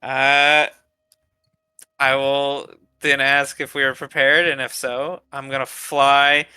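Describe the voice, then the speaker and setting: A man playing a tabletop game, calmly describing his character's moves. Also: medium pitch, slow pace, clean tone, no echo, studio quality. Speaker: player. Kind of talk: casual tabletop game chat.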